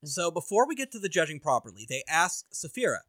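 A man co-hosting a podcast, making wry, deadpan jokes in casual chat. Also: on the high side, fast talker, no echo, clean studio sound. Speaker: podcast co-host.

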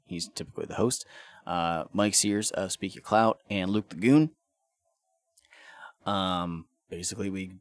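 A man's voice: lowish voice, no echo. A man hosting a podcast, ranting casually and profanely with frequent stammered restarts. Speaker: podcast host.

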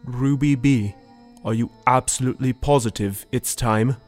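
Worried lanky wizard, man voicing him, soft music under. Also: mid-range voice, normal speed, pitched above the performer's own voice, natural voice. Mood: troubled.

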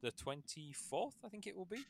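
A man hosting a podcast and acting as game master, in a relaxed and rambling casual chat with many fillers. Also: high voice, brisk, creaky, background noise.

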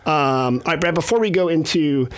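A male host in casual chat, joking and teasing his guest with quick asides. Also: on the high side, clear, resonant tone. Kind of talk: casual radio-style chat.

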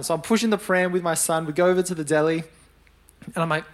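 A young man delivers a sermon in a relaxed, talkative way. His voice sits a little high for a man, and he slips into lively acted voices for the people in his stories. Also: fast, long pauses. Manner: conversational, animated storytelling with acted-out quotes. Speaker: preacher.

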